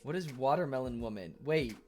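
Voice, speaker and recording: Male streamer bantering with chat, sarcastic, often exasperated, very expressive intonation. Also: medium pitch, brisk, faint music behind. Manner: sarcastic, swears, flares into loud exasperation. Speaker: Twitch streamer reading chat. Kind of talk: casual livestream chat with viewers.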